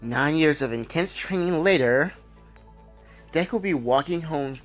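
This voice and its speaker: A man telling an improvised fan story in an easygoing, conversational way. He rambles and corrects himself mid-sentence, with soft music playing behind his voice. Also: a little high, animated, unhurried.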